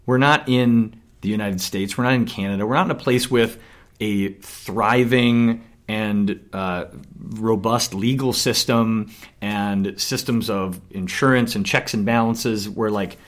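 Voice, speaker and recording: A man from Minnesota, co-hosting a casual chat and telling an animated, ranting story. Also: on the low side, unhurried. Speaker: podcast co-host.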